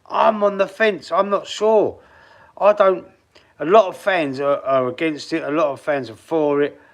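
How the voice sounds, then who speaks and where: A man's voice: a little high, fairly even intonation, measured pace. A Cockney man from the East End talks loosely to his viewers on a live stream and calls them by name. His talk rambles, with restarts and asides, and it stays casual from start to finish. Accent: East End London (Cockney). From London, East End. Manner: speaks straight to chat viewers by name. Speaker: football fan live streamer. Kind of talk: casual live stream chat, reading out comments.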